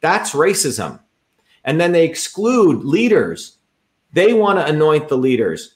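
A man's voice: on the high side, very animated, unhurried, darkish tone. A man who is a political candidate, giving a combative, repetitive campaign talk over a livestream.

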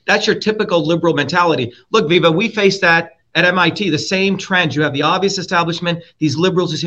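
A man from India, a guest in a heated interview, talking bluntly and forcefully, swearing and repeating his points. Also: a little high, fast talker. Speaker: guest, presidential candidate. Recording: dull lo-fi audio.

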